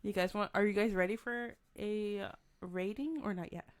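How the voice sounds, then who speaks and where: Chatty woman with a smooth voice. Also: medium pitch, steady tone, normal speed. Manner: chatty, upbeat, filler-heavy. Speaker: podcast co-host. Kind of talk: casual beer-tasting chat.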